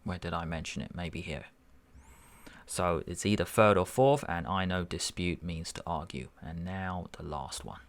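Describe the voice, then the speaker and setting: A man tutoring, working through a verbal reasoning test paper aloud and musing over each answer. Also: low voice. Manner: musing, unhurried, self-correcting.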